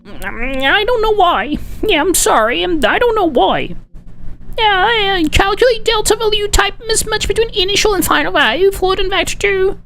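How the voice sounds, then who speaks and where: A man's voice: very high-pitched, expressive, normal speed, creaky, sharp tone, pitched above the performer's own voice, full character voice. A man doing an impression of an insufferable, overly serious cartoon boy who lectures in a pompous, hesitant way.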